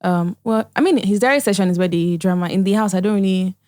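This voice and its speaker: A woman from Nigeria co-hosting a casual chat show, talking in quick back-and-forth. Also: medium pitch, darkish tone, no echo. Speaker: co-host.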